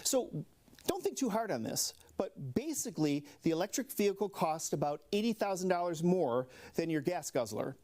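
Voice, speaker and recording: A man with an Upper Midwest American accent runs a local talk show's comedy monologue. His pitch rises and falls a lot as he sets up jokes, and he laughs softly at his own punchlines. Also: sing-song, moderate pace. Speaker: late-night comedy host.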